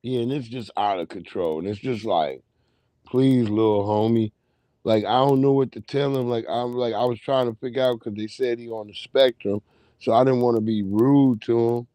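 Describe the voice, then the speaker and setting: A man's voice: medium pitch, moderate pace, warm tone, no room sound. A man hosting a livestream, swearing freely and laughing as he tells stories and greets his chat. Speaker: livestream host.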